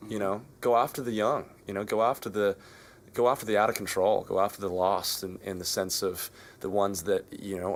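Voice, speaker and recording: A young man with an Australian accent speaks in a lowish voice, earnest and searching, often restarting his thoughts. His casual answers carry over a faint hum of background noise. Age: young adult. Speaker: band member guest.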